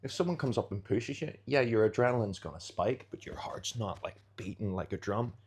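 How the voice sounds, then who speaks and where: A man's voice: lowish voice, expressive, brisk, darkish tone, breathy edge. A man, a jiu-jitsu fighter, chatting as a podcast guest and animatedly acting out street scenarios. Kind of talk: casual interview chat.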